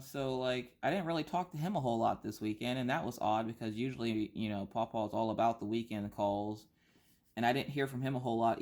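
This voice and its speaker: A woman with a stuffy nose chatting casually while she colors for her craft channel, complaining in an animated, exaggerated way full of rhetorical questions. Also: a bass voice. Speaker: craft vlogger.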